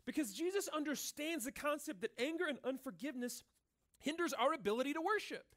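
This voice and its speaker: A man with a notably high voice delivers a sermon to his church. He talks loosely and earnestly, leaning on "like" and "right?" as he goes. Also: expressive, brisk, fairly bright tone. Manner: casual and earnest, filling speech with "like" and "right?". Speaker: pastor. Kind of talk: conversational sermon.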